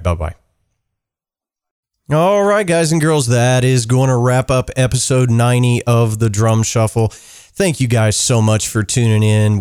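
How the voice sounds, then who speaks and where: A man's voice: medium pitch, darkish tone, clean tone. A man hosting a podcast, wrapping up an episode in an upbeat, friendly way with many "uh" fillers. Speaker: podcast host. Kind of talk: casual podcast outro and sign-off.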